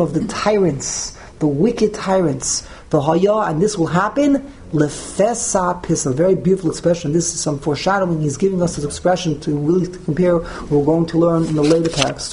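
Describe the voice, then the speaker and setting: A man leads a text study class, working through it verse by verse. His voice is slightly higher than most men's and has a gravelly edge. A faint hiss sits behind him. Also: moderate pace, hardly any pauses. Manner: explains verse by verse, repeats and restarts words. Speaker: Torah teacher.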